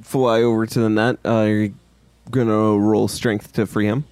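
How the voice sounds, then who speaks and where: A man narrating as game master of a tabletop game, easygoing and quick to laugh. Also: lowish voice, flat delivery, a little mellow, clean tone, dry recording. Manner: laughs often, easygoing rulings.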